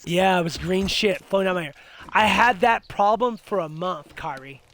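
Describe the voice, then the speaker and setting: A man's voice: high-pitched, moderate pace, a bit bright, slight background noise. A young man telling a ghost story in casual chat, rambling with many restarts and fillers. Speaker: host.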